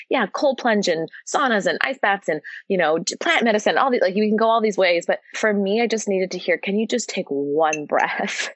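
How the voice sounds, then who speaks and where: A woman in her thirties talks with a podcast host. She speaks in a lowish voice, earnest and animated, and stretches out the words she wants to stress. The sound is close and dry. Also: dry recording, lo-fi sound. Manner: earnest and animated storytelling, draws out key words. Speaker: podcast guest, yoga teacher. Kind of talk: casual podcast conversation.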